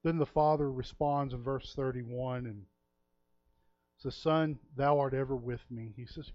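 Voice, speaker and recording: A man's voice: mid-range voice, fairly even intonation, measured pace, dry recording. Folksy preacher man, dull dry audio. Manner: folksy, storytelling, acts out quotes. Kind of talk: sermon.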